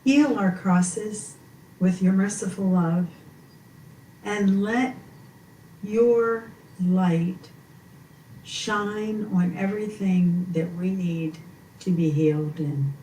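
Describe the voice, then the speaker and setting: A woman co-hosting a Christian podcast, leading a slow, soothing spoken prayer. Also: on the low side, steady tone, dark tone. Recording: echoey room from far off, faint noise.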